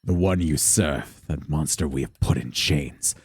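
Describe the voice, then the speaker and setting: A man doing a deep, menacing ancient bishop. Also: slightly rough, dry recording, exaggerated voice. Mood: threatening. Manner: slow, deep, threatening proclamation.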